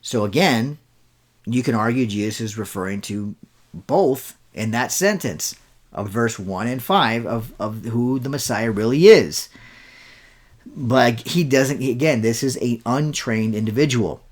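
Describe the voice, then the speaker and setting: Guy hosting his show, argumentative rebuttal, mid pitch voice, keeps repeating words to drive the point home. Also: a little slow. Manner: argumentative, insistent, repeats key words for emphasis. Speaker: show host and Bible scholar. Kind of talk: rebuttal commentary.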